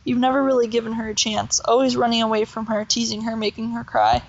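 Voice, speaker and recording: A woman voicing a tired, sad mother who speaks softly and pleads. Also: a little high, little pitch movement, quick pace, vocal fry, highs cut off. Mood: soft pleading. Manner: soft, pleading.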